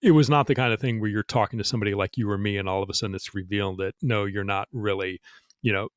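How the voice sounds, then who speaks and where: Low-voiced middle-aged man, dry and frank. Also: steady tone, fast, no room sound. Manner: rambling, frank, peppered with "you know" and restarts. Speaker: guest, former counterintelligence agent. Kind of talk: casual conversational interview.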